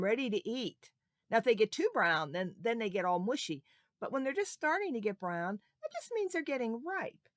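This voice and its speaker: A woman reading a story aloud to young children, her pitch swooping up and down with lots of expression. She keeps pausing to ask the kids questions, and the recording is dry and close. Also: no room sound. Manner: animated, asks the children questions.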